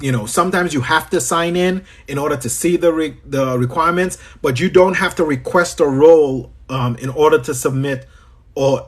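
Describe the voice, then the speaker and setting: Hosting a livestream Q&A, this Trinidadian business coach talks with a fairly high, breathy voice and his home accent. He is chatty, calls out viewers by name and tends to say his phrases more than once.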